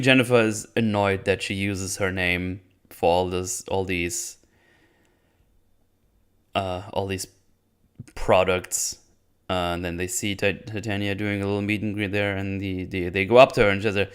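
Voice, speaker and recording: A man's voice: on the low side, moderate pace, fairly bright tone, clean tone. A man hosting a casual episode recap, blunt and sarcastic, swearing and restarting his sentences. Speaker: YouTube show host.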